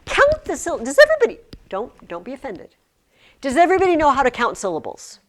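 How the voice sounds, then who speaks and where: An animated woman teaching a class, her voice sitting a little high and swinging widely in pitch. She talks emphatically, often restarting words as she presses her point. The sound is from a recording device in a curtained classroom. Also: fairly quick. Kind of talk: classroom lesson.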